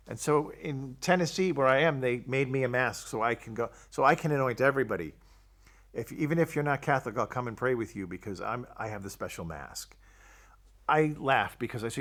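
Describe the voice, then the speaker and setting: An older man, a Catholic priest, tells his personal testimony in a medium-pitched, expressive and fairly bright voice at normal speed. He tells it as a story, acting out the dialogue he quotes.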